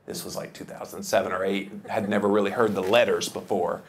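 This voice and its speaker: A man giving a lively, joking seminar talk, jumping up in pitch for emphasis. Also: fairly quick, slight background noise. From United States. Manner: enthusiastic, joking, with big pitch jumps for emphasis. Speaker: seminar speaker. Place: lecture hall.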